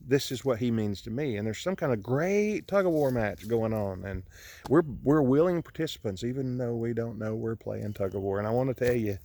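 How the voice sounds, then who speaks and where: Outdoors on his property, a grief-stricken man films an earnest, preachy message, his speech halting with frequent restarts. The medium-pitched voice is animated yet mellow, recorded through the camera he holds on himself.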